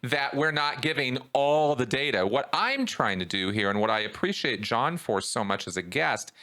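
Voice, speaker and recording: Male podcast host, conversational and lively, with a forceful, bright tone and a voice that swings up and down a lot. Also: mid-range voice, normal speed. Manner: animated, voice rises when riled up.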